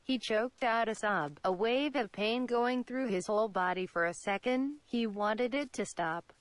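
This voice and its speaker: A young woman in her twenties from Saudi Arabia, reading a fan story aloud in an even, steady way. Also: on the high side, a little slow, no echo. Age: 20s. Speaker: channel host.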